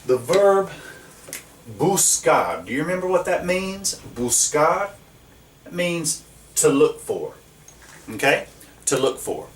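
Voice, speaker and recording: A man's voice: medium pitch, slight background noise. Patient man teaching in an echoey room. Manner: slow, patient, checks in with "okay?" and "right?". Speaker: Spanish teacher. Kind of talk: classroom grammar lesson. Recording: roomy echo, mic at a distance.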